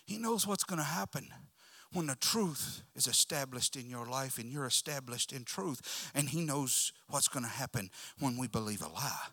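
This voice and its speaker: A male preacher delivering a sermon, shifting from loud shouts to hushed whispers as he tells the story. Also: medium pitch, expressive, moderate pace, few pauses.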